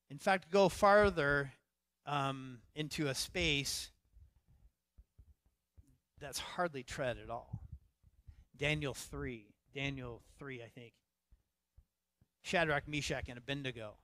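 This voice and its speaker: A middle-aged man preaching a sermon as pastor, telling a story with animated self-quotes and then dropping to quiet emphasis. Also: fairly high pitch, no room sound. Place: church stage.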